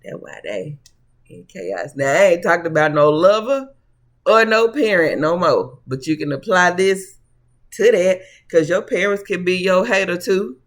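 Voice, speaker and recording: A man's voice: high-pitched, animated, unhurried. A man giving a casual tarot reading to camera in a sassy, preachy way. He calls his listeners honey and baby and laughs often. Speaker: tarot reader.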